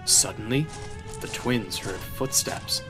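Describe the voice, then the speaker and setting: A man's voice: on the low side, takes it slowly. A man reading a children's train story aloud in a storyteller style. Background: background music.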